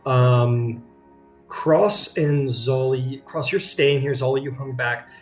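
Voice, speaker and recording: A man's voice: mid-range voice, steady tone, slow. Guy running a tabletop game, rambly, keeps cutting himself off, faint music behind. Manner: rambling, self-interrupting, laughs often. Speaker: game master.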